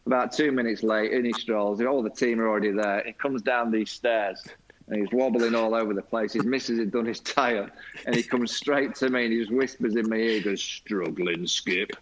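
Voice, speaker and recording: A man's voice: mid-range voice, brisk, a little hiss or hum, poor audio. Laughing man telling a story. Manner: lively storyteller, laughs often, mimics teammates. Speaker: former cricket captain guest. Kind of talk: anecdotal storytelling.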